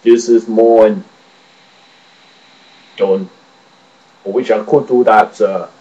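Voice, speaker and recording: An English man voicing a terse Irish male commando soldier from a video game, with slow, clipped, deliberate lines. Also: on the low side, steady tone, mellow, dull audio, pitched below the performer's own voice. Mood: gruff. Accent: Irish, put on.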